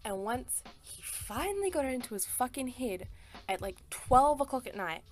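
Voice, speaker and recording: A woman's voice: high voice, big pitch swings, normal speed. Exasperated woman telling a storytime. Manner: emphatic, exasperated, swears a lot, says "like" and "sis". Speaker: storytime artist. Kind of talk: casual storytime voice-over.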